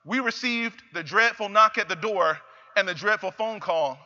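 A young man giving an emphatic motivational speech, repeating phrases and building up to shouts. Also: sits high, moderate pace. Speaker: motivational speaker. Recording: reverberant hall, slightly dull sound.

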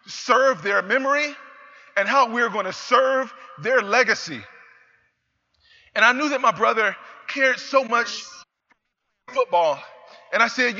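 A young man giving an emphatic motivational speech, repeating phrases and building up to shouts. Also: sits high. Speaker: motivational speaker. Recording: reverberant hall, slightly dull sound.

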